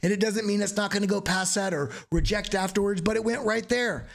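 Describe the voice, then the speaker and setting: A man hosting a live crypto trading stream, joking and energetic as he walks through charts, swearing casually now and then. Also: high voice, brisk, gravelly. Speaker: crypto trading channel host.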